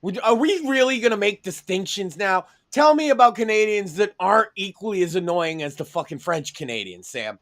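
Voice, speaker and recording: A man's voice: sits high, lively intonation, a little fast, few pauses, fairly bright tone. A man co-hosting a podcast, brash and profane, mocking people with put-on voices in crude comedic banter. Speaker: podcast co-host.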